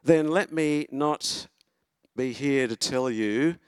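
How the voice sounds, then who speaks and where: A man, preaching a sermon from a church lectern in an earnest, encouraging way, pausing and restarting as he goes. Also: mid-range voice, smooth, no echo, clean studio sound. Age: 70s.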